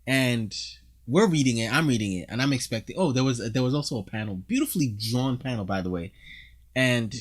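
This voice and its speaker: A man co-hosting a comic book chat, talking casually and excitedly, with many restarts and fillers. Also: medium pitch, fairly quick. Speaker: comic book podcast co-host.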